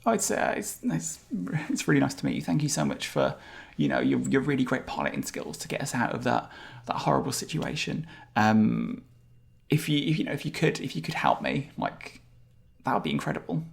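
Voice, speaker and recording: A man's voice: medium pitch, wildly swooping pitch, full character voice. A man voicing a nervous, stammering female talking hamster in a tabletop game. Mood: anxious pleading. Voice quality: gravelly, halting, stammering.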